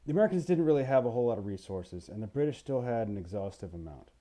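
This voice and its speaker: A man teaching a history lesson in a playful, animated way, asking the listener questions and now and then putting on voices. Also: medium pitch, fast. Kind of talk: recorded history lecture.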